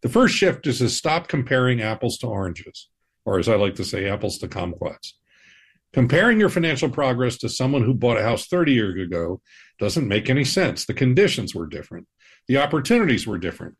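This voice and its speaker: Male finance host, husky and animated, steady reassuring delivery. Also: mid-range voice, brisk. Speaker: financial advisor, podcast host. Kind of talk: scripted personal-finance talk.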